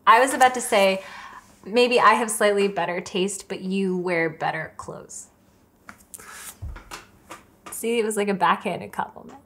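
A woman from upstate New York, the host's sister, chatting casually in a Q&A, self-mocking and quick to laugh. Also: mid-range voice, bright, forceful tone, a little hiss or hum. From Saratoga Springs, New York. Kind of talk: casual Q&A chat.

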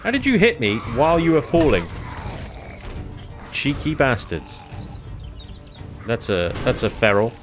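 A man's voice: mid-range voice, huge pitch swings, a little slow, long pauses, over music. A man giving casual let's-play commentary, chatting along, exclaiming at finds and taunting enemies. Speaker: gaming YouTuber.

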